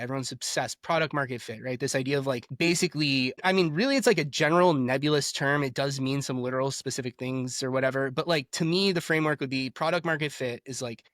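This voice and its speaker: A man speaking as a podcast guest in casual conversation, talking fast and animated with lots of filler words. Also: medium pitch, no room sound, studio quality. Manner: fast, animated, heavy use of "like". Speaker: guest, sales entrepreneur.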